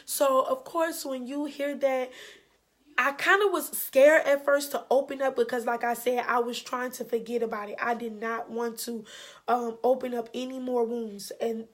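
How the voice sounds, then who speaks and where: A woman's voice: a little high, steady tone, normal speed. A woman in her twenties, a vlogger, telling a personal story in a candid, chatty way with lots of fillers. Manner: candid, chatty, full of fillers and quoted dialogue. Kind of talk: casual storytime.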